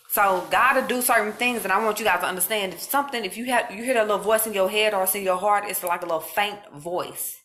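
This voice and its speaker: Bright-voiced woman giving earnest faith talk. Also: mid-range voice, fast, hardly any pauses. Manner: earnest, informal, addresses viewers directly. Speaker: faith vlogger. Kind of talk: casual spiritual encouragement talk.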